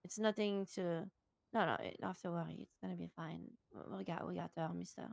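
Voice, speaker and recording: Woman, gravelly morning voice, halting doctor roleplay. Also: lowish voice, fairly even intonation, dry recording. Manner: halting, apologetic, full of restarts. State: rough morning voice. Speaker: streamer playing a doctor in roleplay. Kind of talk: in-character roleplay chat.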